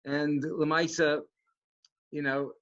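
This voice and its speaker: A rabbi speaking in a casual, halting way with many restarts and fillers. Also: male voice, on the high side, little pitch movement, fairly bright tone. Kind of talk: casual talk. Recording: dull lo-fi sound.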